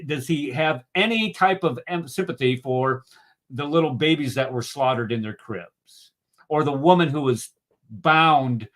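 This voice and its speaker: A man's voice: a little high, fairly bright tone. A man in a heated political discussion, indignant and mocking, often restarting his sentences. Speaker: discussion group co-host.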